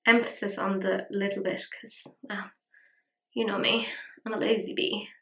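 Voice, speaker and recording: A woman's voice: mid-range voice, flat delivery, normal speed, bright, forceful tone. Woman, casual makeup vlog chat, self-mocking asides, roomy echo. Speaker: makeup vlogger.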